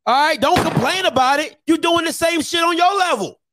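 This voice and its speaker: A man's voice: very high-pitched, fairly quick, noisy background. A man hosting a sports talk show, ranting casually with slang and repeating phrases for emphasis. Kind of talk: casual sports commentary rant.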